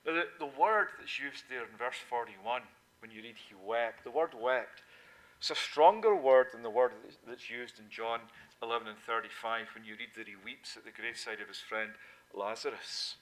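A man preaching a sermon, dropping to hushed asides and then rising to loud, emphatic proclamation, repeating key points for emphasis. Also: mid-range voice, moderate pace, low-quality recording.

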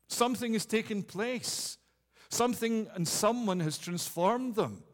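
A male pastor with a notably high voice delivers an earnest communion sermon, returning again and again to key phrases for emphasis. His voice carries a long reverb from the church hall. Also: unhurried.

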